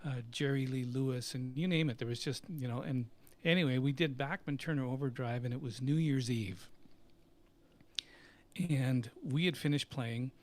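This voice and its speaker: A man's voice: mid-range voice, normal speed. A middle-aged man, a company CEO and musician, telling stories in a live Q&A and acting out the voices of people he quotes. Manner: animated anecdote-telling, acts out quoted voices, laughs often. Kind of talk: casual storytelling in a live Q&A.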